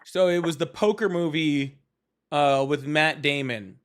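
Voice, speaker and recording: Teasing male talk show host. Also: fairly high pitch. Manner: teasing, joking, quick and casual. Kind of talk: live call-in talk show.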